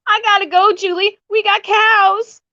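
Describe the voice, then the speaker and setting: A woman's voice: very high-pitched, fairly even intonation, a little slow, sharp tone, muffled recording, pitched above the performer's own voice, full character voice. A woman voicing a prim adult woman therapist with a Southern American accent, quoting lines with sweet dignity.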